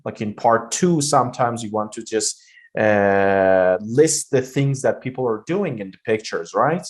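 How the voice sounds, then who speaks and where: A man's voice: fairly low pitch, animated, measured pace. A man with a Vietnamese accent teaching pronunciation for an exam, explaining loosely with many fillers. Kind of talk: spoken exam-prep lesson.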